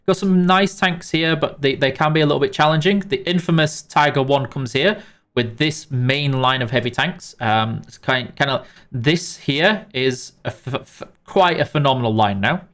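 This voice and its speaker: A man's voice: mid-range voice, normal speed, a bit bright. A British man hosting a live game stream, reading out chat names and walking new players through the basics in a chatty way, with many fillers and restarts.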